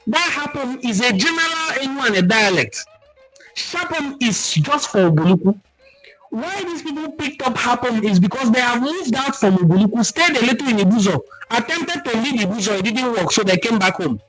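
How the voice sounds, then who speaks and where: A Nigerian man hosting a cultural livestream, teaching in an animated, emphatic way and reading out viewer comments. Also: extremely high pitch, normal speed, music in the background, rough recording. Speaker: cultural talk host.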